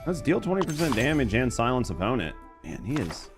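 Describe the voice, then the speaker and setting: A man's voice: medium pitch, very animated, a little fast, music in the background. A man with a Southern US accent, streaming a game and chatting casually with viewers, joking and swearing freely. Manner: profane, joking. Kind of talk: casual live-stream chat.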